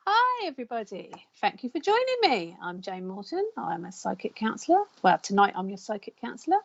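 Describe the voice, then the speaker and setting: A woman's voice: mid-range voice, wildly swooping pitch, fairly quick, vocal fry, highs cut off. A woman hosting a live psychic counselling stream, chatting and greeting her viewers by name. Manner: chatty, warm greetings, reads out viewer names.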